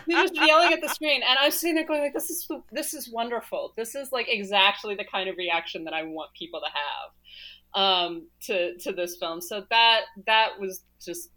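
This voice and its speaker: A woman's voice: mid-range voice, moderate pace, sharp tone, poor audio. A woman chatting casually as a panelist, telling stories with animation and repeating her words as she starts. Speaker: podcast panelist. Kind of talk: casual chat.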